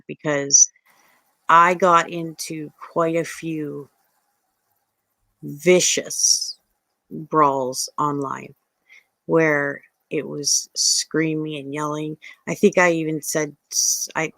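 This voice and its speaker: A woman's voice: deep voice, creaky, fairly bright tone, dry recording. A woman on a casual chat, talking bluntly with plenty of swearing. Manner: slow, blunt and profane. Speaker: guest YouTuber.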